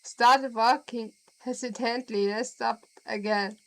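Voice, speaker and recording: A woman with a German accent reads a visual novel aloud at an unhurried, deliberate pace. Her voice sits a little high, and she breaks off now and then to chat with her viewers. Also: fairly even intonation, poor audio. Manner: slow, deliberate reading with laughs and asides to chat. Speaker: streamer.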